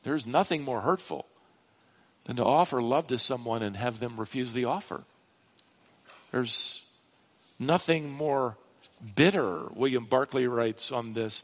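A man preaching a sermon, slow and emphatic, with dramatic rises in pitch on key words. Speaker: pastor.

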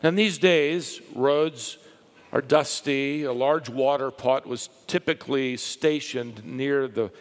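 A man preaching a sermon, telling stories with lively rises and a hushed drop for the quiet parts. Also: mid-range voice, takes it slowly. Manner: lively storytelling, dropping to a hush for quiet lines. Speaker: pastor. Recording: long hall reverb.

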